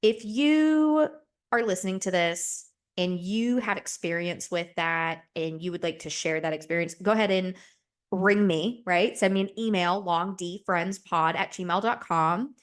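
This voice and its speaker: A woman's voice: on the low side, a little slow. Chatty young woman podcaster, swearing freely. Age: 20s. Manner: animated, swearing, rambling with frequent "like" and "right?". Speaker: podcast host. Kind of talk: casual solo podcast monologue.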